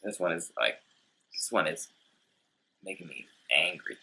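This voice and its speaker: A man with a low-set, forceful bright voice, chatting casually as the co-host of a comedic beer tasting show. He tells loose, rambling stories and acts out the people in them. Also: animated, a little slow, vocal fry, slight background noise. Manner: rambling storyteller, acts out quotes.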